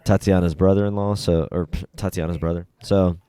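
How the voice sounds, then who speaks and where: A young man hosting a casual gaming podcast, joking and swearing, often acting out quotes in a high voice. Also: steady tone, brisk, warm tone, clean tone, no echo. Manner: loose, profane, jokey, acts out quotes in high voices. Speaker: podcast host.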